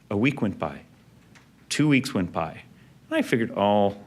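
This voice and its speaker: Middle-aged guy, normal pitch, storytelling speech, gets soft in the emotional bits. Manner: warm anecdotal storytelling with quiet emotional passages. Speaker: speaker. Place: event venue.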